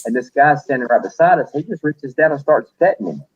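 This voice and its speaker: A man casually telling funny stories in a chat, quoting people in animated voices. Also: a little high, fairly quick, husky, dull audio. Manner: animated anecdotes with quoted voices. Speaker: host.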